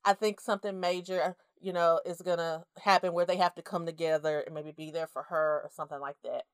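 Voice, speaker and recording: A woman co-hosting a podcast in casual chat, laid-back and quick to burst into laughter. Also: lowish voice, steady tone, clear, resonant tone, no room sound, clean studio sound. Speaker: podcast co-host. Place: indoors at home.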